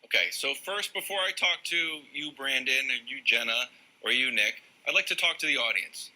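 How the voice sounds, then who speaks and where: A male sports talk show host leading a lively debate, playful and teasing with his co-hosts. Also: medium pitch, moderate pace, rough recording. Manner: playful, laughs and teases co-hosts.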